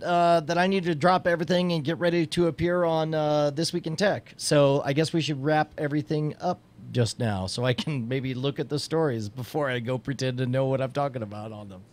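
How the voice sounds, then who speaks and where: A man co-hosting a podcast in casual chat, excitable and ranting, with frequent swearing. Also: fairly high pitch, normal speed, hardly any pauses. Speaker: podcast co-host.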